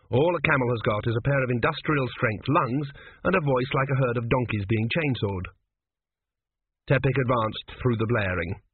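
A man's voice: mid-range voice, breathy edge, no echo. A man narrating a comic story in a dry, wry manner, reading as an audiobook narrator. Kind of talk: scripted narration with character voices. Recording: tinny phone-like recording.

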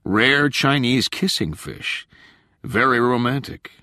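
A man's voice: mid-range voice, animated, slow, sharp tone, no echo, clean studio sound, voice pushed up. A man doing a roguish, joking grown man. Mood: playful. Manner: joking, self-deprecating.

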